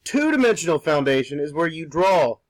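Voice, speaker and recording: Young man, higher voice, casual talk while drawing, rambling, swearing, dry close sound. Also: sing-song, a little fast, dry recording, poor audio. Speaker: art streamer.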